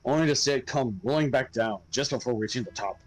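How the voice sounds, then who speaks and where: A man's voice: mid-range voice, quick pace, crowd noise, low-quality recording. A man casually reading game text aloud, tripping over hard names and joking.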